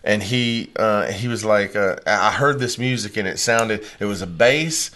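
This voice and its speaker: A man from Georgia hosting a podcast, telling stories in casual, profane, animated chat. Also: on the low side, a little slow. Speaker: podcast host.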